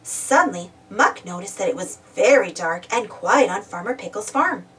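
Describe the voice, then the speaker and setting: A woman gently reading a children's storybook aloud as a storyteller. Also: mid-range voice, expressive, normal speed, distant mic.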